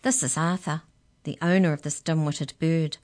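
A woman's voice: low voice, fairly even intonation, moderate pace, a little mellow, close to an everyday voice. A woman voicing a small, knowing mouse in a cage, speaking politely and drily for a children's story. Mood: wry. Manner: polite, dry, matter-of-fact.

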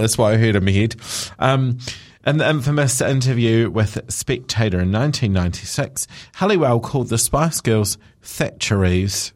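A man's voice: mid-range voice, animated, normal speed, hardly any pauses. A man hosting a show, reading celebrity news with chatty asides and jokes, often stumbling over words. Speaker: radio host.

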